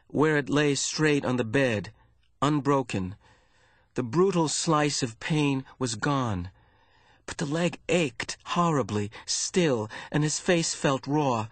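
A man narrating a novel in a measured storytelling manner. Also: no echo. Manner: measured storytelling, rising in pitch during tense passages. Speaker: audiobook narrator. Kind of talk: scripted narration.

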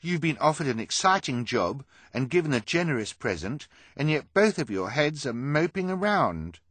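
Narrator doing a pushy loud carnival dude, high and bossy, dry sound. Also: male voice, lively intonation, a little slow, dry recording. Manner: blunt, demanding.

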